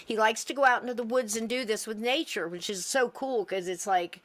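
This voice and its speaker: A woman co-hosting a podcast, talking casually about spooky video clips. She is animated and laughs often, with a fairly high voice. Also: brisk. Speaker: podcast co-host.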